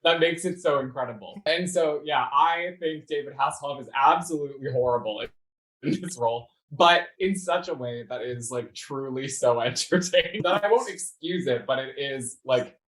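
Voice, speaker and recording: Brief: man in casual critique chat, lively and mimicking, heard on a roomy video call. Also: medium pitch, moderate pace. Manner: animated, laughing, mimics the performer. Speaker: theatre reviewer. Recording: roomy echo.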